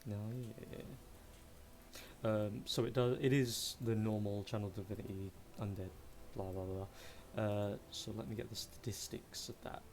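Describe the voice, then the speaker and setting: A man's voice: on the low side, little pitch movement, unhurried, darkish tone. A man acting as game master in a tabletop game, playful and humming little filler sounds while he looks up rules. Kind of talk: narrating a tabletop game over a live stream.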